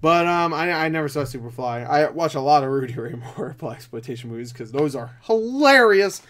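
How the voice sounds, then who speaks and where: A tired young man rambling through casual movie box office commentary, swearing often and breaking into loud disbelief. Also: fairly high pitch, expressive, moderate pace. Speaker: movie vlogger.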